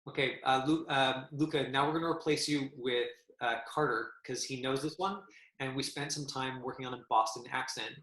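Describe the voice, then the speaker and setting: A man teaching an acting class, explaining a script to his students in a halting way, with many fillers and restarts. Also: medium pitch, steady tone, fairly bright tone, reverberant, poor audio.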